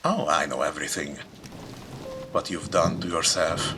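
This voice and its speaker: A man voicing a cold, abusive mother in a game, speaking harshly and loudly. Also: rumbling low, moderate pace, noisy background. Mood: angry. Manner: cold, then shouting.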